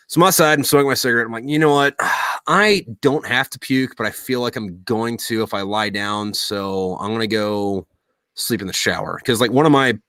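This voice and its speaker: A man's voice: lowish voice, bright, forceful tone, no room sound. A man hosting a podcast, telling rambling stories in casual chat and swearing constantly. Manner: profane, rambling storyteller. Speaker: podcast host.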